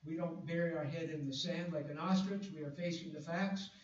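A man preaching a sermon, reading scripture slowly and with emphasis, with fillers and restarts. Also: a little high. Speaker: pastor. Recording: echoey, distant, dull room recording.

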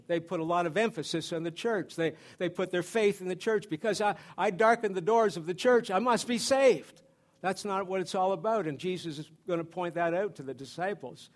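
A middle-aged man giving a sermon in church as a pastor, conversational, with repeated phrases and restarts. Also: on the high side.

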